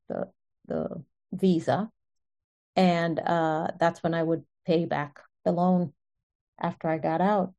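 A woman telling her own story in an earnest, animated way, often breaking into short laughs. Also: fairly low pitch. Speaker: speaker sharing a personal testimony. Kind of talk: personal storytelling.

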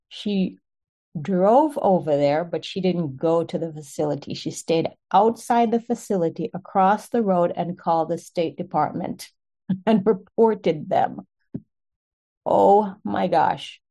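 A woman with a mellow, fairly low voice tells a testimony to her prayer group over a video call. She talks in a conversational, emphatic way, leaning on the key words as she hosts the call. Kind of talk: sharing a testimony in an online group.

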